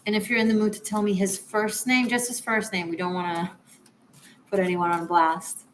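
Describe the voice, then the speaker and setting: A woman's voice: medium pitch, little pitch movement, normal speed, slight background noise. A woman tarot reader on a live stream, chatting with viewers and apologizing as she gives readings.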